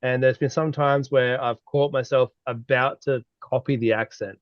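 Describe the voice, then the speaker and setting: A man's voice: medium pitch, fairly even intonation, moderate pace, dry recording. A man chatting as co-host who talks hesitantly, with many fillers. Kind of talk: casual conversation. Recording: dry, dull lo-fi sound.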